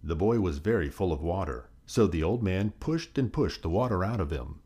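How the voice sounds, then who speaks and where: A man reading a children's folk tale aloud in a sing-song, expressive storyteller's manner. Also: low-pitched, moderate pace, breathy edge.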